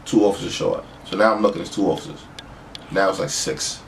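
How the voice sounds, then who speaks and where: A man telling a street story in casual talk, acting out other people's lines in a high voice. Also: flat delivery, fast talker, vocal fry. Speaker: storyteller on a podcast. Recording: far from the mic, faint noise.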